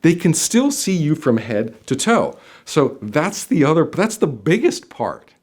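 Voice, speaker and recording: A man coaching viewers on job interviews, talking straight to the camera, swinging his voice up and down and dropping soft for emphasis. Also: fairly high pitch, a little slow. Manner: animated, varies loudness and softness for demonstration. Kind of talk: instructional video talk to camera. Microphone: on camera, speaking to viewer.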